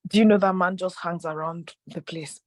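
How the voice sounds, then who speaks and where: A woman with a Nigerian accent co-hosting a podcast, telling animated stories in casual chat and acting out the voices of the people in them. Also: lowish voice, normal speed, no room sound. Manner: animated storyteller, acts out quoted voices, laughs often. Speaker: podcast co-host.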